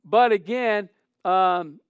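A man's voice: high voice, slow pace, smooth, no room sound, phone-quality sound. A middle-aged man preaching a conversational sermon as pastor, telling stories and repeating phrases, asking the congregation rhetorical questions.

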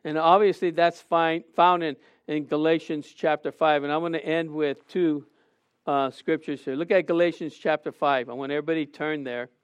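A man's voice: fairly high pitch, steady tone, normal speed, clean tone, no room sound. A middle-aged man preaching a sermon, questioning the congregation and acting out stories.

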